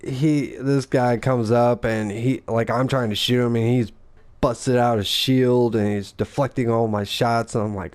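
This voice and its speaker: Smooth-voiced man swearing through gaming stories. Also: mid-range voice, fairly even intonation, unhurried, darkish tone. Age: adult father. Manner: rambling, profane, acts out quoted lines. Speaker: gaming podcast co-host. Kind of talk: casual chat.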